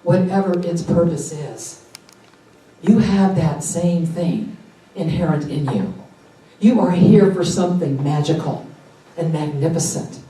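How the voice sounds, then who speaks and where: A woman giving a sermon at a church service, enthusiastic and animated, with excited exclamations. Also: lowish voice, measured pace. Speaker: guest speaker at a church service. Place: large sanctuary during a service. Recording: echoey hall, picked up from a distance.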